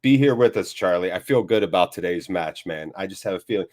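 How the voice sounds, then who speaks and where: A man's voice: low voice, animated, a little fast, darkish tone. A man hosting a live football watchalong, chatting to viewers in an upbeat, jokey way and reading out their comments. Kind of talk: live-stream chat to viewers.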